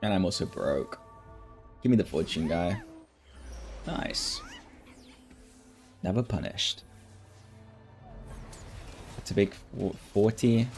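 A man streaming a strategy game, thinking aloud in casual commentary with relaxed, mumbled asides. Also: sits low, slow pace, pauses often, soft background music.

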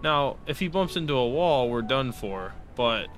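A young man doing let's play commentary, excitable and sarcastic, pleading and shouting at the game as he plays. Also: medium pitch, normal speed, soft background music. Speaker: gaming YouTuber.

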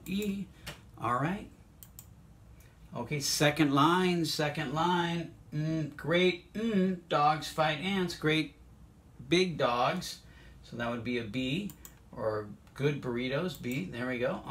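In a slightly high voice, a man leads an online music class, encouraging his students as he takes them through note names and vocal warm-ups.

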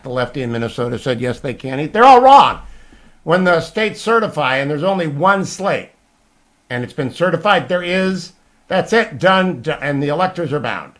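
A middle-aged man hosting a radio talk show, arguing his points emphatically and rising into loud bursts. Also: mid-range voice.

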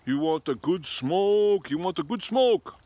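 A man voicing a pushy male airport worker who coaxes travellers in a high, drawn-out voice. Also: expressive, dark tone. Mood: coaxing.

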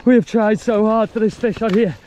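An excitable man narrates a fishing vlog, his voice a touch high for a man and breathless from exertion. Loud rushing water sits clearly behind him in the outdoor recording. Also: noisy background. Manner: excitable, breathless, swearing mildly. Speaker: fishing vlogger. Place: outdoors by a river.

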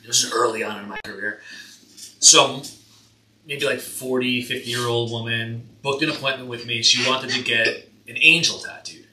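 A man's voice: medium pitch, steady tone, moderate pace, pushed and bright, reverberant, slight background noise. A man recalling a client story in a casual podcast chat, exasperated and quoting both sides. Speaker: tattoo artist, podcast guest.

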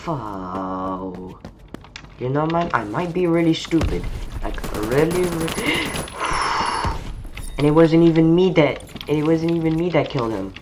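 A woman playing an online shooter game, chatting casually with slow, mumbly, sarcastic banter. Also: low-pitched, expressive, noisy background. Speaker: gamer streamer. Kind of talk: casual gaming commentary. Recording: keyboard typing and mouse clicks behind.

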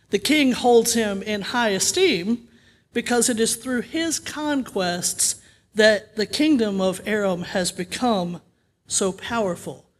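A man preaching a sermon in a church, talking in a relaxed, conversational way with light humor. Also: sits high, a little hiss or hum. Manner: conversational storytelling with gentle humor. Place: church sanctuary. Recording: long reverb of a church sanctuary.

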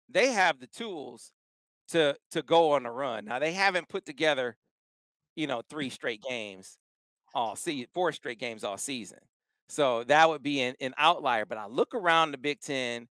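A male podcast co-host with a slightly high, clear and crisp voice, telling his stories with lively emphasis. His talk is casual and excited, and the sound is bright and close to the mic. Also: dry recording. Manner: animated, emphatic storytelling. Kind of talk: casual sports podcast chat.

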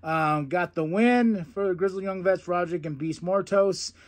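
Young man, slightly high voice, casual podcast recap, animated, playful wrestler impressions. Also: measured pace. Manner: animated, quotes wrestlers in excited put-on voices, laughs often. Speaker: podcast host.

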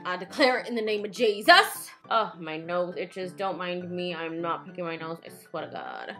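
Bright, lively woman vlogger. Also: medium pitch. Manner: chatty, goofy, self-mocking. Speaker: beauty vlogger. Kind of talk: casual makeup review chat.

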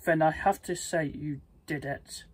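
A storybook reader voicing a kind, reluctant young wolf cub in a husky, breathy voice, reading slowly and plainly. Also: medium pitch, fairly even intonation. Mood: earnest.

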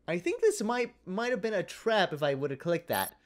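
Excitable young man playing a game. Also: high-pitched, moderate pace, few pauses. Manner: excitable, joking, swears in bursts. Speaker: gaming video creator. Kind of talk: let's play commentary. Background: music.

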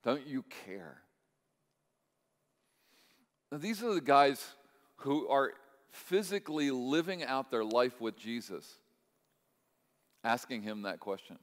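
A male pastor preaching a sermon, telling a story and checking in with the congregation, moving between hushed moments and impassioned, louder stretches. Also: medium pitch. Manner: swings from hushed to loud, impassioned. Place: church sanctuary. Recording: long reverb of a large hall.

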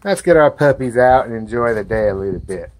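A man's voice: medium pitch, lively intonation, a little fast. A man with a drawl chats casually outdoors on a back porch. He talks to his puppies in a coaxing, sing-song way. Faint outdoor noise sits under his voice. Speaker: dog breeder showing puppies. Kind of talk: casual chat to camera and puppies.

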